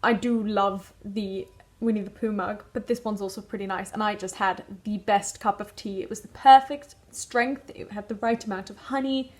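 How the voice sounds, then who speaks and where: A woman's voice: medium pitch, fairly even intonation, moderate pace, a little mellow. A young woman from the Netherlands with a mostly British accent that carries a trace of Dutch and Australian, chatting to camera and wondering aloud. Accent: British English with Dutch and Australian traces. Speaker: vlogger. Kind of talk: casual chat to camera.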